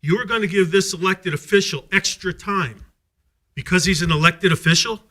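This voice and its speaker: A man speaks angrily at a school board public comment period, hurling accusatory questions. His voice is bright and tense, slightly high for a man. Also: moderate pace. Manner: angry, accusatory, rhetorical.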